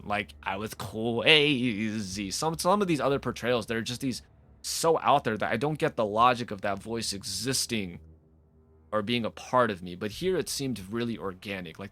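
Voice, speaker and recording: A gaming video host rambling through a profane, off-the-cuff rant, often breaking off mid-sentence. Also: male voice, on the low side, bright, forceful tone. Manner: rambling, profane, frequent self-interruptions. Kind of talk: casual off-the-cuff rant to camera.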